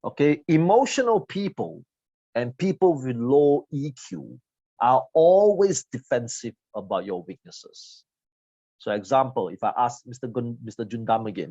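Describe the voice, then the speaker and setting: A man's voice: a little high, lively intonation, a little slow, no room sound. Blunt, teasing man in his forties. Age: 40s. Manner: blunt, teasing, swings between loud and quiet. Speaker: seminar trainer. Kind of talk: motivational seminar talk. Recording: dull lo-fi audio.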